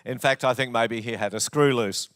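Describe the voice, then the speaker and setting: Australian pastor preaching with a clear voice. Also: male voice, medium pitch, moderate pace, no echo. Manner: jokey, storytelling, warm asides. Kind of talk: sermon. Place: church.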